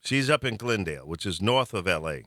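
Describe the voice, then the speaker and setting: A male talk-show host with a bright, forceful voice, telling a long story in loose, chatty fashion. His pitch swings freely while he chuckles at his own jokes. The sound is close and dry. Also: expressive, brisk, no echo. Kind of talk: casual storytelling chat.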